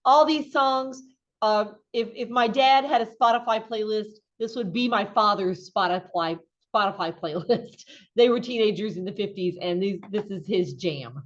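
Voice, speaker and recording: A woman's voice: medium pitch, moderate pace. A middle-aged woman giving a conversational lecture as an instructor, casual and chatty with frequent ums and restarts. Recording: dull lo-fi recording.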